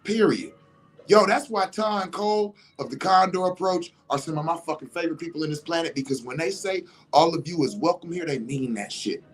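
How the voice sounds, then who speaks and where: A man talking in a casual livestream monologue, animated and emphatic, swearing freely. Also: fairly high pitch, brisk. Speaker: vlogger.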